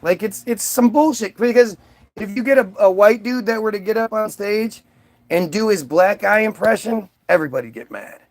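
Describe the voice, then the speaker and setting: A man with a high voice and a gravelly rasp, ranting in a loose, rambling stream full of swearing. He breaks off and restarts his sentences often as he talks to his viewers. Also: normal speed. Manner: rambling, profane, many restarts. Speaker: vlogger. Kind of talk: ranting monologue.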